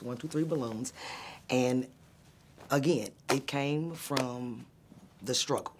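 Parent giving a testimonial, mid-pitched, faint rumble under the voice; emotional, reflective delivery. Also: male voice. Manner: heartfelt, emotional, reflective with fillers. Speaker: program client and parent. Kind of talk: testimonial interview.

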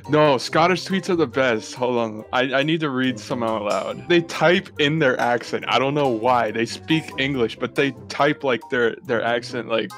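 A man's voice: medium pitch, moderate pace, few pauses, fairly bright tone. A man in casual conversation with friends over an online game. He rambles and stumbles through restarts. Faint music runs in the background. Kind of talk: casual gaming chat.

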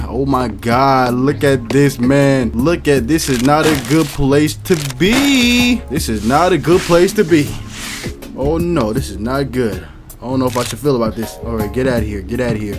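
Young man, gaming commentary, slangy, self-talking, lively pitch, fairly high voice, game music behind. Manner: jumpy, slangy, self-talking, bursts into startled shouts. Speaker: gaming YouTuber. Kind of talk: casual horror game commentary.

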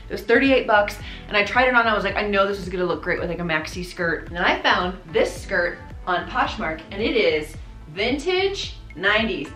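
This fashion vlogger, a woman in her thirties, has a medium-pitched voice that sounds pushed and bright. She laughs often while chatting bubbly about clothes in a casual try-on haul, in an echoey room with faint background music.

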